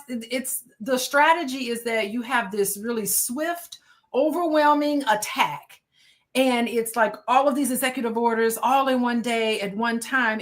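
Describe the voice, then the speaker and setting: Female panelist with a slightly high voice, unhurried in her explanations. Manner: measured, explaining, with fillers.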